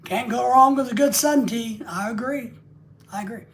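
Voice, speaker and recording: A man's voice: very high-pitched, normal speed, fairly bright tone. A man hosting a live stream, rambling and joking casually with crude asides.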